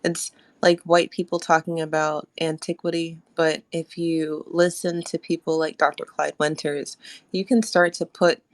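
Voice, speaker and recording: A woman with a low, fairly even voice hosts a live audio chat discussion. She talks in a measured, steady way, and the sound is dry and close. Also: no room sound. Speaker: host.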